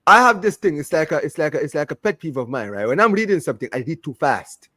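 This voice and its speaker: A young man co-hosting a relaxed football chat, talking fast and often repeating himself in bursts. His voice sits a touch high and swings widely in pitch. The sound is dry and close. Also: dry recording. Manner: animated, repeats words, talks over his co-host. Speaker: podcast co-host.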